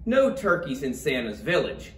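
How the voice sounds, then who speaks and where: A man reading a bedtime story aloud and voicing a bossy male Christmas elf in a high, loud, scolding voice, set back from the mic in a roomy space. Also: sing-song, moderate pace. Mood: stern. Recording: roomy, distant, faint room noise.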